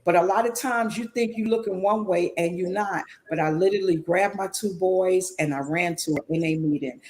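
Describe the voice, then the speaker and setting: A woman's voice: on the low side, moderate pace, a little mellow, slight background noise. A middle-aged woman co-hosting a podcast, sharing an emotional personal story in an earnest, confessional way. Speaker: co-host.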